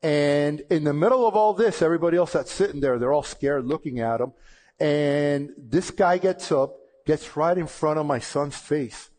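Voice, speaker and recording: Man telling a lively personal testimony. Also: on the high side, normal speed. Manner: lively, conversational retelling with repeated "and, and" restarts. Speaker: speaker sharing a personal testimony. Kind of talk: casual storytelling testimony.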